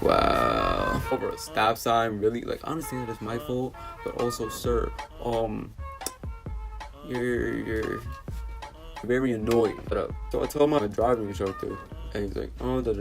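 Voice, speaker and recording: A teenage guy tells a story to camera in a lively, exasperated way, stumbling over his words and piling on fillers. His voice sits at an ordinary middle pitch, with faint music playing underneath. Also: vocal fry. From New York City. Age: teens. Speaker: vlogger. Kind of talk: storytime vlog.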